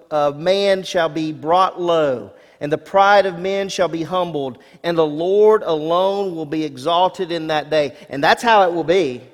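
Male pastor, slightly high voice, expressive sermon delivery with punchy emphasis and friendly asides; church hall reverb. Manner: expressive preacher, rising emphasis on key words, asides to congregation.

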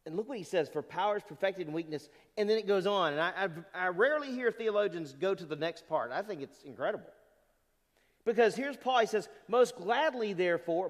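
Animated high-pitched male preacher in a reverberant hall. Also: fairly quick. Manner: animated preaching, rhetorical questions to the congregation. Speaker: pastor. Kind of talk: sermon.

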